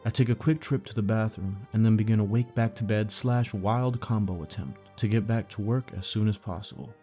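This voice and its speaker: A man calmly narrating a first-person dream story for sleeping, in a steady, low-key way. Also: fairly quick. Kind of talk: calm bedtime story reading. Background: faint background music.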